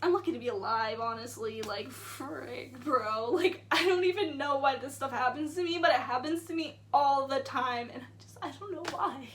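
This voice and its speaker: A woman's voice: high-pitched, brisk, few pauses. A young woman vlogger telling a story casually, rambling with lots of "like" and acting out the quotes. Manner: rambling, says "like" a lot, acts out quotes.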